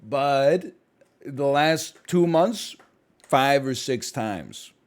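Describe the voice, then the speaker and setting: A man in his thirties chatting casually, telling relaxed, self-deprecating stories about being a streamer. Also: medium pitch, very slow. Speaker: streamer and show regular. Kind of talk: casual chat.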